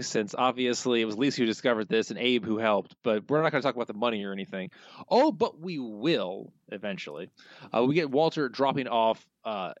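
A man's voice: medium pitch, no room sound. A man co-hosting a podcast, picking an episode apart in a dry, sardonic way. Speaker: podcast co-host. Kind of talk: casual podcast discussion. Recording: dull, lo-fi dry sound.

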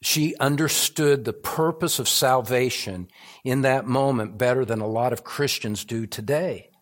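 Older male pastor, earnest evening sermon voice, average pitch, repeats lines for emphasis. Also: unhurried. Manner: earnest, building to emphatic repetition. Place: church, evening service.

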